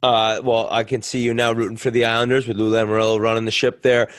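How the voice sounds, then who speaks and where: Male co-host, relaxed interviewer, mid-pitched, dry close sound. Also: fast, clear, resonant tone, no echo. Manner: easygoing, asks loose questions. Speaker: podcast co-host. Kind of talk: casual chat, interviewing.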